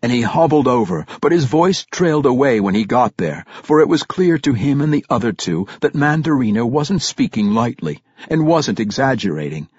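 Husky man with an animated reading voice. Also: medium pitch, moderate pace, few pauses, no echo, muffled recording. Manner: dramatic, expressive reading. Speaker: narrator. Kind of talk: audiobook fantasy narration.

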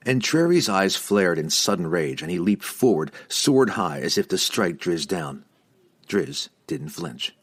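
A man reading a fantasy novel aloud as an audiobook narrator, in a dramatic, expressive storytelling voice. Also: deep voice, a little slow, husky.

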